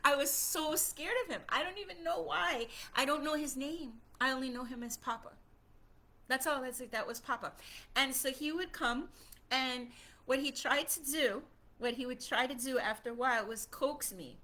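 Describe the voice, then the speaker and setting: A woman telling a personal childhood story in an animated, conversational way, often repeating herself for emphasis. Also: high voice, normal speed. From Puerto Rico.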